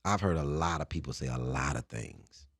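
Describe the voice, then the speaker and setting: A man's voice: very deep voice, lively intonation, moderate pace, gravelly, a bit bright, slightly rough, no echo, studio quality, pitched below the performer's own voice, full character voice. A man voicing an earnest fellow inmate in a told story. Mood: solemn.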